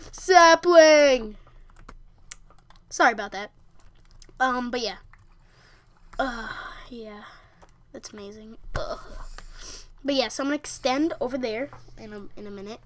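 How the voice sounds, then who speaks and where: A young woman giving casual gameplay commentary, rambling and halting with fillers and restarts. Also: fairly high pitch. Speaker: gamer.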